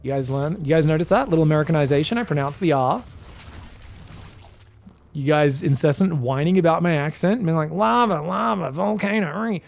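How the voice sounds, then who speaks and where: Excitable man casting esports. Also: fairly high pitch, brisk, pauses often. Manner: excitable, shouting reactions to plays; chatty asides, addresses viewers as guys. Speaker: esports caster. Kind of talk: solo game commentary.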